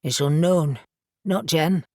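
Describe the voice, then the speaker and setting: A woman's voice: deep voice, slow, a little mellow, no room sound, clean studio sound, full character voice. A woman reading the part of a moody young man who speaks in a subdued, guarded way.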